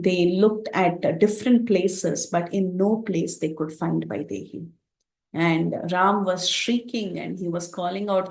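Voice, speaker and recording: A woman's voice: lowish voice, darkish tone, rough recording. A woman teaching a scripture class, telling the story expressively with frequent fillers.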